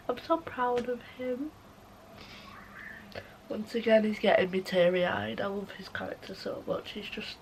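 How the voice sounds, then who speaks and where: A woman's voice: mid-range voice, a bit bright, a little hiss or hum, rough recording. Gushing young woman book vlogger. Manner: gushing, emotional. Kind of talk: reading vlog commentary.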